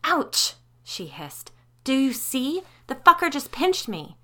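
A woman's voice: medium pitch, brisk, pushed and bright, voice pushed up, lightly acted. A woman voicing an anxious, tormented wife, with a strained, pleading delivery. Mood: angry.

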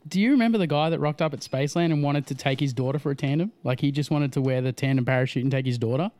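Animated man telling stories. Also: mid-range voice, rapid-fire. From Australia. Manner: animated storyteller, laughs often. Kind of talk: casual podcast chat.

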